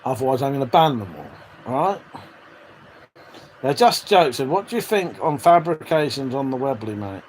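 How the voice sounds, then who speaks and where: A man's voice: medium pitch, very animated, normal speed, long pauses, a little hiss or hum, low-quality recording. A man hosting a casual live stream, reading out chat messages, swearing freely and chuckling between remarks. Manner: chatty, swears freely, laughs often. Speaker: livestream host reading chat.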